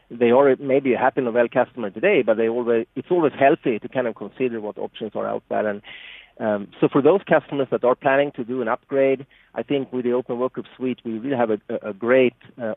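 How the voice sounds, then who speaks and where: A man's voice: medium pitch, slightly rough, dry recording. Swedish-accented man on a tinny line. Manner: frequent restarts and fillers, earnest. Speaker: product marketing manager, guest. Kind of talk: explanatory interview answers. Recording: tinny phone-like line, dry.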